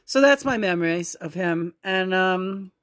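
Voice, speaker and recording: A woman's voice: lowish voice, expressive, measured pace, fairly bright tone. Rambling woman telling family stories. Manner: rambling, with frequent fillers and restarts, and laughter. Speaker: host of a home memorial. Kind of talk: casual storytelling.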